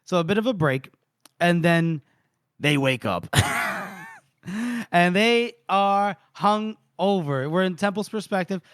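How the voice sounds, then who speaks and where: Male podcast co-host, fairly high, dry mic; chatty recap that slips into brief put-on voices, laughs a lot. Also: lively intonation, clean tone, no room sound. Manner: retells scenes with quick put-on voices, laughs often. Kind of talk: casual book-club recap.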